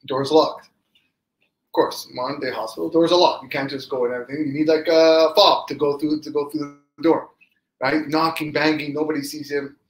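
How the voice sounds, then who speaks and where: A man, a rabbi, giving a storytelling Torah class and lively acting out the quoted speech of the people in his stories. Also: a little high, normal speed, roomy sound, low-quality recording.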